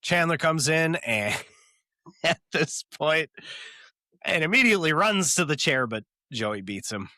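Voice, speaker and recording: Animated man recapping a sitcom episode. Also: a little high, a little slow, no room sound, clean studio sound. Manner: animated retelling with laughs and fillers. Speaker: podcast co-host. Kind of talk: casual chat recapping a TV episode.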